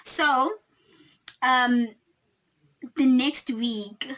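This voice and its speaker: A South African woman in her twenties telling a storytime vlog, animated and indignant, often talking straight to her viewers. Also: high voice, very slow, low-quality recording. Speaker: YouTuber.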